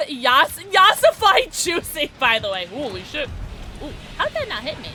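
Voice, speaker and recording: An excitable woman streams a game and chats nonstop with her viewers, her fairly high voice leaping up and down in pitch. She talks loosely, with plenty of "like" and quick tangents. Game music plays clearly behind her. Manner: excitable, chatty, talks to chat, many fillers like "like". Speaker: livestreamer. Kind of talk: casual gaming livestream chat.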